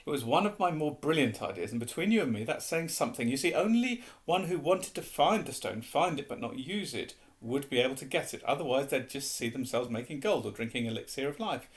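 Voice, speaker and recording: A man's voice: mid-range voice, expressive, fairly quick, hardly any pauses, natural voice. A man voicing a whimsical old male wizard headmaster, dreamy and playful.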